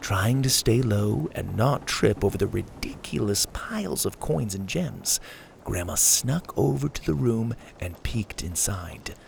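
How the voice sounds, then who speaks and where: A man narrating a children's storybook in an animated, expressive reading. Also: fairly low pitch, a little slow, creaky, slight background noise.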